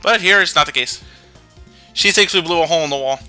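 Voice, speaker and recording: A man's voice: fairly high pitch, fast talker, sharp tone, clean tone, soft background music. A man commenting casually on a video game he plays, joking, swearing and explaining game mechanics. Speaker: let's play commentator.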